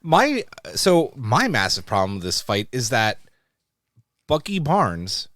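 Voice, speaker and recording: A man's voice: medium pitch, sing-song, slow pace, a bit bright, no echo, clean studio sound. A man hosting a casual podcast discussion, emphatic and swearing freely as he argues his point. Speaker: podcast host.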